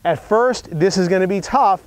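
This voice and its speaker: A man's voice: sits high, moderate pace, no room sound. A man teaching a golf lesson, telling a story earnestly with a few restarts, outdoors at a practice area. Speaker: golf instructor. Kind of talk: instructional video.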